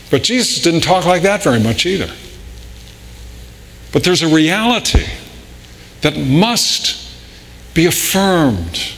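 A man preaching a sermon in a slow, deliberate way, often repeating and restarting words. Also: a little high, a bit bright. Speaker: pastor. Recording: long reverb in a large hall, faint room noise.

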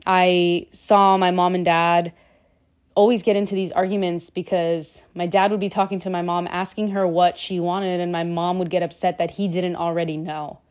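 A woman's voice: fairly low pitch, darkish tone. A woman giving earnest, emphatic relationship advice straight to her viewers in a casual monologue. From Cuban heritage.

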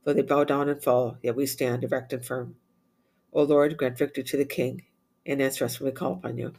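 A man reciting psalms, readings and short Latin prayers in a steady, measured way. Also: medium pitch, vocal fry. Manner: steady measured recitation, rattles off Latin refrains quickly and softly. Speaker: prayer leader.

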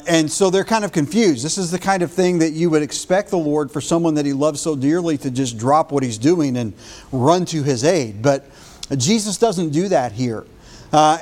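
A man's voice: on the high side, darkish tone. A man preaching a morning sermon as pastor, retelling a scripture story in an earnest way with small restarts.

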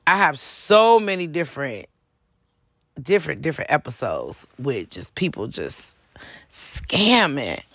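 Gravelly, profane storyteller. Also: mid-range voice, measured pace, dry recording, clean studio sound. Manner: profane, animated, lots of acted quotes. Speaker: podcast host and author. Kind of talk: casual storytelling monologue.

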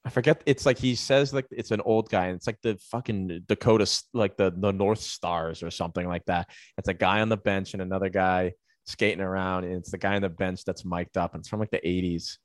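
A young man with a lowish voice chats casually on a podcast, rambling and swearing through sports stories. The sound is close and dry, with no room in it. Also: fairly even intonation, fairly quick, dry recording. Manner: rambling, profane storytelling. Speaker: podcast co-host. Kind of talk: casual chat.

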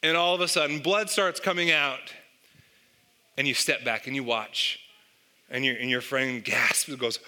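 A man's voice: medium pitch, steady tone, moderate pace, sharp tone. A man preaching a sermon, telling an illustration and asking the listeners rhetorical questions. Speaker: pastor.

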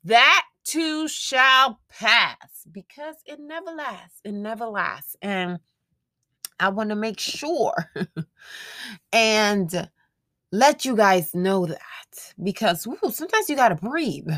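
A woman's voice: mid-range voice, animated, drawn-out words, pushed and bright, no echo. Frank, profane woman talking to listeners. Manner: frank, profane, laughs often, talks straight to listeners. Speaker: podcast host. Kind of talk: casual motivational monologue.

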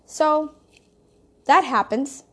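A young woman telling a personal story in a candid, profane, animated way, acting out what she and others said. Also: high-pitched, drawn-out words. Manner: candid, profane, animated retelling with quoted asides. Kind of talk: casual storytelling monologue.

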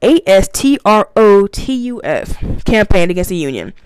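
Animated, foul-mouthed woman ranting. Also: medium pitch, normal speed, clean tone. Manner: animated, laughing, swearing, acts out mocking confrontations. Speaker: commentator reading and reacting. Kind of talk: profane ranting commentary.

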